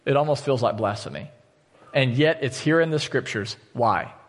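Male pastor preaching an earnest sermon; average pitch, reverberant auditorium sound. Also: normal speed. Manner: earnest, direct appeals to the congregation. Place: church auditorium. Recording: long church hall reverb.

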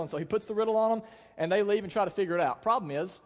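A man's voice: sits high, racing. A young man preaching a sermon in a church, telling the story in a casual, joking way and acting out the quotes. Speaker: pastor. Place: church hall. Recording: long hall reverb.

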